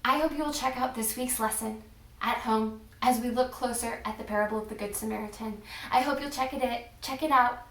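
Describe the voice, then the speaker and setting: Woman children's minister, expressive storyteller, high voice, echoey room. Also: fairly quick. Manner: animated and expressive, addressing children. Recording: echoey room, far from the mic.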